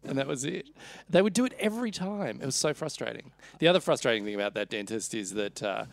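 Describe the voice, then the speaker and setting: A podcast co-host chats casually, his mid-range voice animated and fast with vocal fry, hesitating and restarting often. The recording is dry.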